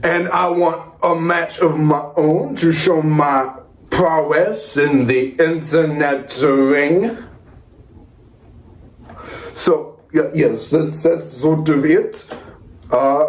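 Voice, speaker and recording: A man's voice: a little high, steady tone, slow pace. A man voicing a masked male wrestler on the run, using a stiff, overblown fake French accent. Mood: boastful. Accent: exaggerated fake French accent. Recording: echoey room.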